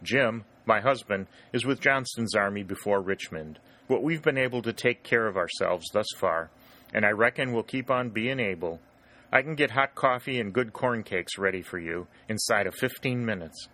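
A man voicing a powerful middle-aged farm woman who speaks loudly and bluntly. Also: fairly low pitch, normal speed. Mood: defiant. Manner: loud, exclaiming.

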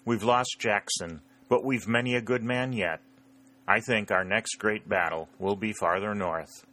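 A man's voice: on the low side, measured pace, bright, forceful tone. A man voicing an eager young male Southern staff officer in a storybook reading, earnest and friendly. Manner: earnest, calling out across water.

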